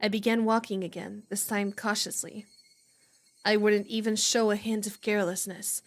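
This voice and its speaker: A woman's voice: medium pitch, flat delivery, moderate pace, close to an everyday voice. A woman reading the first-person narration of a wary, paranoid teenage boy in a readalong, in a tense, self-warning inner monologue.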